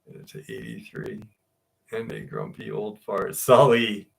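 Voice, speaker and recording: A man's voice: fairly low pitch, sing-song, slow, gravelly, rough recording. A man hosting a podcast, telling rambling, profane anecdotes full of fillers and reading a listener's story aloud. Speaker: podcast host.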